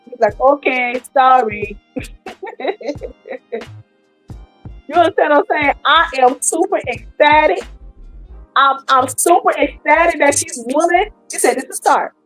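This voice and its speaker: Woman, high-pitched, live-stream commentary, animated, faint background music. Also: a little slow, pauses often, rough recording. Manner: animated, talks to her viewers.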